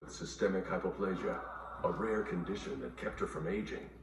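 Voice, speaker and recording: A man playing a grave, low-voiced caped hero. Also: fairly even intonation, close to an everyday voice. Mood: explaining. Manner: low, measured and soothing. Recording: very echoey cartoon clip, far off, music.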